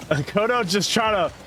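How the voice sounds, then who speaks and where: Male esports caster, bright tone, quick laughs, live play-by-play. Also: high voice, a little hiss or hum. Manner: excitable, laughs often, rambling asides.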